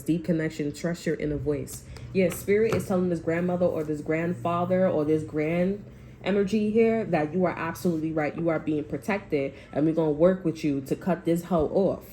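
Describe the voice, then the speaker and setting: Deep and warm, with a little hiss or hum in the audio, this woman's voice carries a casual tarot reading. She's blunt, swears heavily, rambles, and says things over and over.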